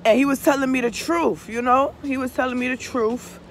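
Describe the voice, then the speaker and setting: Outdoors, with faint traffic humming in the background, a tarot reader and vlogger talks briskly in a high, steady-toned voice. Her confessional, casual monologue is profane and full of emphatic repeats, and she keeps turning to listeners with "you understand?"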